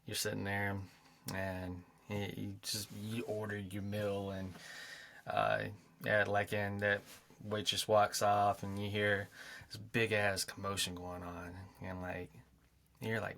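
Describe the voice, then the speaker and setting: A man co-hosting a gaming podcast, spinning a rambling, animated story. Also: on the low side, measured pace, vocal fry. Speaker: podcast co-host. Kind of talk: casual chat, storytelling.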